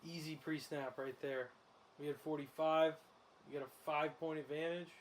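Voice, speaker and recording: Excitable man hosting a betting show. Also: fairly high pitch, moderate pace, a little hiss or hum. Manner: excitable, laughs often. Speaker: host. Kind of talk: casual sports betting commentary while watching a game.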